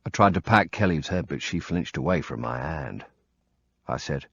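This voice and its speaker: A man's voice: very deep voice, expressive, moderate pace, vocal fry, a bit bright, slightly rough, no echo. A man narrating a first-person audiobook in a plain, blunt, conversational way. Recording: dull lo-fi dry recording.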